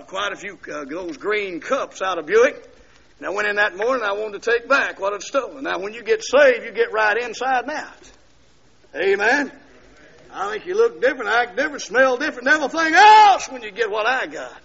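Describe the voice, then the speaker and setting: An older male preacher shares his testimony during a church service, his high, bright, ringing voice also creaky and husky. He tells the story in turns and rises into fervent shouts. The recording sounds dull and lo-fi.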